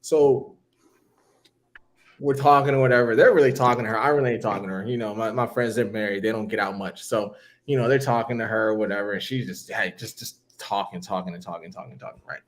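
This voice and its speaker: A man casually telling a long story on a podcast, acting out what people said with big jumps in his voice. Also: quick pace. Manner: animated, acts out quotes with big pitch jumps.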